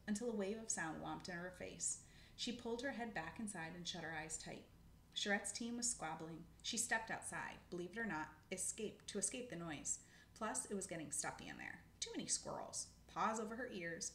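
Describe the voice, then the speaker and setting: A woman's voice: mid-range voice, fairly bright tone, reverberant, a little hiss or hum. A woman reading a children's book aloud, casual, with spoken asides and self-corrections. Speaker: narrator.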